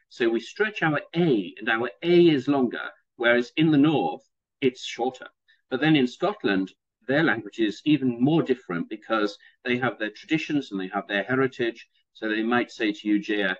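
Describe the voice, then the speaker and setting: Husky-voiced man from northern England. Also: mid-range voice, lively intonation, normal speed, highs cut off. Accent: northern English softened toward standard British. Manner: patient, explanatory, demonstrates pronunciations. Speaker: guest native speaker. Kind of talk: conversation practice chat.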